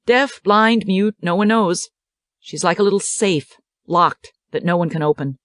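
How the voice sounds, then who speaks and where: A woman reading the part of a kindly older male school director who counsels and teases gently. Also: on the low side, measured pace, no room sound, studio quality, close to an everyday voice. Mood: gentle. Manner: gentle, counseling, lightly teasing.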